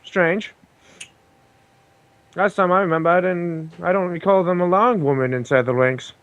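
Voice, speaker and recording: A man's voice: sits high, moderate pace, muffled recording, close to an everyday voice. A man playing a stern suspicious commander. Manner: cold, clipped, interrogating.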